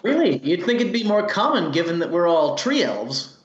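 A man's voice: high-pitched, sing-song, moderate pace. Joking male player, dull echoey sound. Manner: joking, laughing. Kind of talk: playing a tabletop game.

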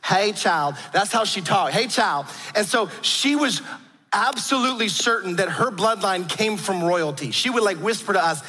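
A man's voice: high voice, lively intonation, moderate pace, sharp tone, husky. A man preaching a sermon, telling stories earnestly with frequent restarts. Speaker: pastor. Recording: long hall reverb.

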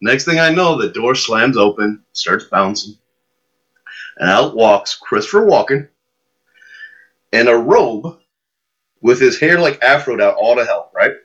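Husky, animated male storyteller. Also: medium pitch, measured pace, long pauses. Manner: animated storyteller, acts out his own lines. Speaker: podcast guest. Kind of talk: casual anecdote telling. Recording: muffled lo-fi podcast audio.

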